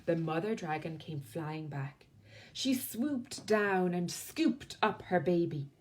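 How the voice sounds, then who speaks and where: An Irish woman reads a children's picture book aloud at an unhurried pace. Her pitch rises and falls in wide, lively swings. She softens her voice on the quiet tag lines. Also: slight background noise. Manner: slow, expressive, dropping soft on the tag lines. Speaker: librarian storyteller.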